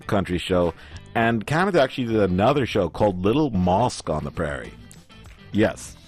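A male radio host chats in a loose, joking way, often trailing off. His voice sits low. Soft music plays under the talk. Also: sing-song, moderate pace, breathy edge. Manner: laid-back, rambling, joking. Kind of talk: casual on-air banter. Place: radio studio.

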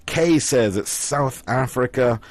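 A man hosting a casual radio show, chatting and running a listener quiz in a relaxed way. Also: medium pitch, takes it slowly, background noise. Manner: relaxed, chatty, counts down aloud.

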